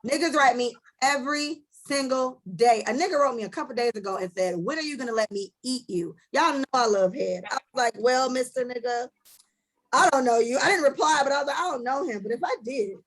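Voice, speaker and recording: A woman hosting a casual podcast chat, telling stories in a blunt, animated way with lots of profanity. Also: sits high, brisk. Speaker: podcast host.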